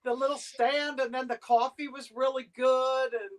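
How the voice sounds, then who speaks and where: A woman from the United States hosting a casual video-call chat, bubbly and quick to laugh. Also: sits high, little pitch movement, crowd noise. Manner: bubbly, laughs easily, chatty. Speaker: host.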